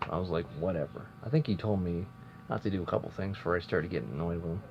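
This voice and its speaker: A man's voice: deep voice, very fast, vocal fry. A young man rambling casually through a story from his old job, chatty and self-interrupting. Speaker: vlogger. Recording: dull lo-fi sound with faint noise.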